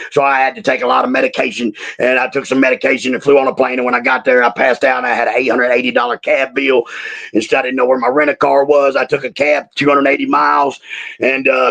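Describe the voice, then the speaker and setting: A man's voice: medium pitch, fairly bright tone, low-quality recording. A man in his sixties telling profane, comic wrestling stories in a Southern-tinged Australian accent, laughing at his own jokes and playing mock-aggrieved. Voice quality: gravelly, husky. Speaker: wrestling podcast guest telling road stories. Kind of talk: profane comedic storytelling.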